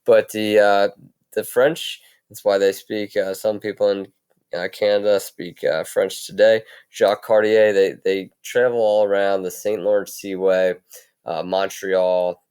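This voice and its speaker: A man with a low, smooth voice talks through a recorded history lesson on a computer mic. He speaks casually, with many fillers and restarts. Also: level tone, a little slow, darkish tone. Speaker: history teacher.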